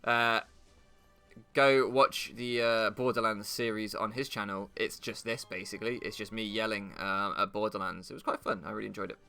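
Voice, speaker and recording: Gaming youtuber ranting and swearing, bright sharp voice, faint game music behind. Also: male voice, on the low side, normal speed, gravelly, clear, resonant tone. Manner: animated, swearing, laughing at his own jokes. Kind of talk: rambling comedic commentary over gameplay.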